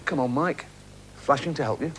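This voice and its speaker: A man's voice: mid-range voice, normal speed, fairly bright tone, a little hiss or hum. A middle-aged man hosting a quiz show, joking and teasing the contestants and laughing often, heard over a 1980s TV broadcast in front of a studio audience. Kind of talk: game show banter.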